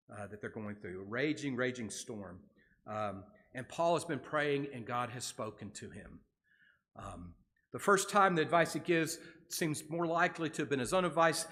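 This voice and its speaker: A man's voice: mid-range voice, fairly bright tone. A man leading a Bible study in a church, reading scripture aloud and then explaining it in a casual way with fillers and restarts.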